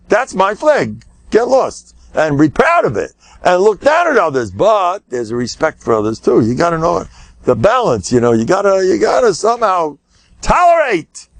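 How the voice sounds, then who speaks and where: Rich: An older man delivering a rabbi's lecture, his voice gravelly and sitting a touch high for a man. He tells his story animatedly, swinging his pitch widely and breaking into shouts at the punchlines. The sound is dry and close. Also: no echo. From United States. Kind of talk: Torah lecture.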